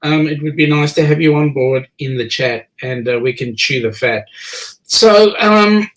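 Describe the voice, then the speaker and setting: A man's voice: a little high, a little slow, fairly bright tone, rough recording. A man with an Australian accent hosting a casual online chat show, joking and teasing his guests as he reads the chat. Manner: jokey, chatty, teasing guests. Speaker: host.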